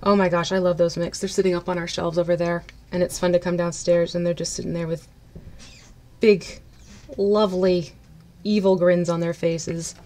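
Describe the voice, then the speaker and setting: A woman with a somewhat low voice chats through a casual live stream as she paints miniatures. She greets viewers brightly, laughs often and chats freely. A faint hiss sits under her voice. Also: level tone, normal speed.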